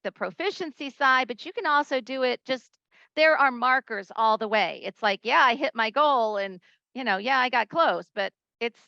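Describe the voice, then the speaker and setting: A woman presenting a conference talk to teachers, a lively storyteller who acts out the voices she quotes. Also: a little high, creaky, dry recording, dull audio.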